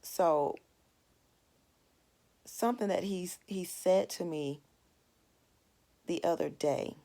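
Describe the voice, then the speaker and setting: Low, gravelly-voiced woman teaching a Bible lesson. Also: slow, mellow. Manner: earnest, storytelling with plain everyday asides. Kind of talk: conversational devotional lesson.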